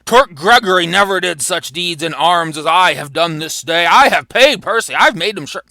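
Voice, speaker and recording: A man's voice: high-pitched, animated, normal speed, bright, forceful tone, no echo, pitched above the performer's own voice, exaggerated voice. A man reading the lines of a boastful, joking old knight in a Shakespeare play. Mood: blustering.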